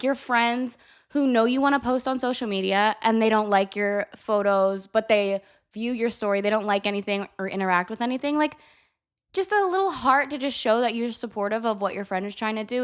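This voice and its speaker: Young woman vlogging, kinda high voice, super candid and blunt, swears casually. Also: lively intonation, moderate pace. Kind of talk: casual advice chat to camera.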